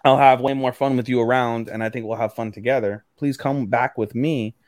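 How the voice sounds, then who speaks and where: A man's voice: medium pitch, steady tone, a little fast, darkish tone, dry recording. Casual young man recapping anime, dry sound. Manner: retells scenes with quoted character lines, repeats himself for emphasis. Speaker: podcast co-host.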